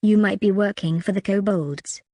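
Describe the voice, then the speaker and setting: A woman's voice: mid-range voice, moderate pace, mellow, no room sound, clean studio sound, natural voice. A woman voicing a hulking, hotheaded male barbarian who talks crudely and bluntly, in an audiobook.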